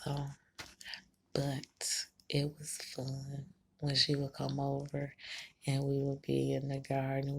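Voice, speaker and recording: Low gravelly-voiced woman talking frankly. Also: slight background noise. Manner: frank, chatty, laughs between thoughts, swears freely. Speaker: tarot-reading vlogger. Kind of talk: candid personal talk to camera.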